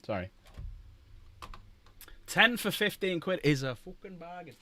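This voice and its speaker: A man's voice: high-pitched, big pitch swings, unhurried, bright, forceful tone, a little hiss or hum. A man chatting casually with his live-stream viewers, joking and swearing freely. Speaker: live streamer greeting chat. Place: home room while painting miniatures.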